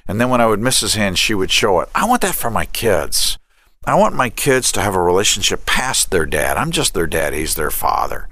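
A middle-aged man with a very low voice talks in a relaxed interview about faith and raising children. He tells stories with energy and slips into the voices of the people he quotes. The sound is close and dry, with no room echo. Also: moderate pace. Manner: animated storyteller who acts out quoted dialogue. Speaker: director of a family ministry and counselor.

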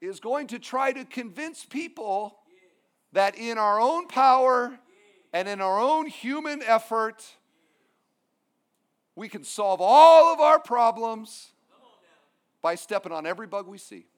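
High-pitched male pastor preaching emphatically. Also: animated, slow, long pauses. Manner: emphatic preaching with humorous asides. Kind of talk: sermon.

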